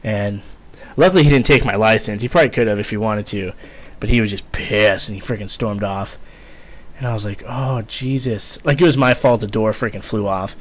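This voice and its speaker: A man's voice: on the low side, brisk. A young man casually telling a rambling, profane story, full of fillers and swearing. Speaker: vlogger, former Marine.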